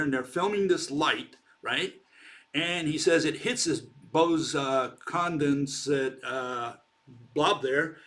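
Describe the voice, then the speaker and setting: A man giving an informal science lecture, emphatic and mocking, checking in often with "okay?". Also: a little high. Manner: emphatic, keeps asking "okay?", mocking of critics.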